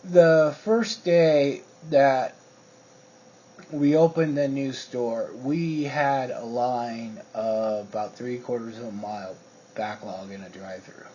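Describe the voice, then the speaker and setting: Slow and warm, with a medium pitch and fairly even intonation, a man tells a rambling personal story in casual talk, swearing freely and filling it with fillers. The lo-fi recording is dull, with a little hiss or hum and faint crickets.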